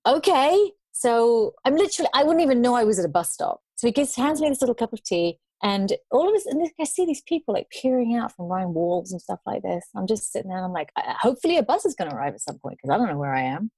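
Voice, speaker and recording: Animated woman telling a travel story. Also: fairly high pitch, quick pace, few pauses, slightly rough, dry recording. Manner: animated storyteller, acts out quoted voices. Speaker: podcast guest, traveler. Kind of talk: storytelling interview.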